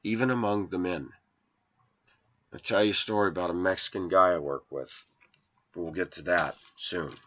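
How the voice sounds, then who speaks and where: A man's voice: deep voice, normal speed, pauses often, fairly bright tone, dull audio. A man in his forties telling a rambling personal story in an indignant, preachy way to his viewers. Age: 40s. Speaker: vlogger.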